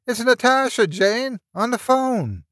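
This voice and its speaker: A man voicing an excitable, cheerful man on the phone who talks in a lively sing-song. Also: medium pitch, normal speed, no room sound, studio quality, natural voice. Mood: excited.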